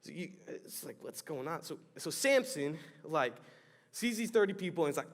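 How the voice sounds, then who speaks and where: Animated young man preaching in a hall. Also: fairly high pitch, normal speed. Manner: animated, jokey storytelling with acted-out exclamations. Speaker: youth pastor. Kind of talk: youth sermon. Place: church youth hall.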